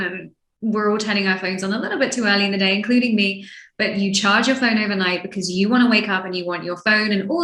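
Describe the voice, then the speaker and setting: A woman from London with an English accent, a sleep expert guest who talks in an animated way and acts out people's reactions. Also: mid-range voice, echoey room. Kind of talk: lively interview chat.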